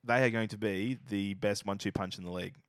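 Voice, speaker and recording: A man's voice: fairly low pitch, fairly even intonation, quick pace, no echo. An Australian man co-hosting a basketball podcast in casual, profane, opinionated chat. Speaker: podcast co-host.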